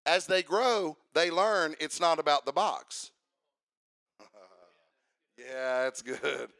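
Male preacher, high and gravelly, fervent call-and-response delivery. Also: lively intonation, slow pace, no echo, clean studio sound. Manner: rising to fervent shouts, call-and-response with congregation. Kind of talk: sermon. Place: church service.

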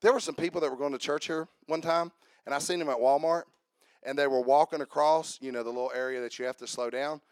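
A man preaching a sermon as pastor, lively and interactive, calling on his congregation to answer and come up front. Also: fairly high pitch, quick pace, no room sound, clean studio sound. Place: church.

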